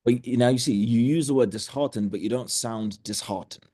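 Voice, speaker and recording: A man's voice: mid-range voice, dark tone, no echo, studio quality. A man coaching trainees over a video call, blunt and direct as he runs role-play drills. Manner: blunt, direct, quick to cut in. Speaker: sales coach.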